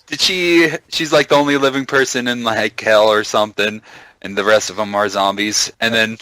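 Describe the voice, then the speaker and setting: A man's voice: on the low side, steady tone, moderate pace, bright, forceful tone, dry recording, low-quality recording. A man on a podcast as a guest, chatting casually about an anime and laughing often.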